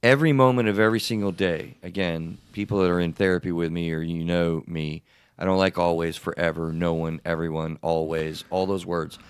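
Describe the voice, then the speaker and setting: A man hosting a therapy podcast, talking in an animated, wordy way and often repeating himself. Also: deep voice, a little fast, smooth, no echo, studio quality. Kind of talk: casual podcast discussion.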